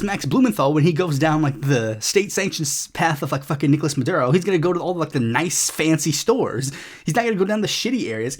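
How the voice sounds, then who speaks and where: Animated, rambling podcast host. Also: medium pitch. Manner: rambling, profane, sarcastic, with many fillers; acts out other people's lines in quick put-on voices. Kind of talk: casual political commentary.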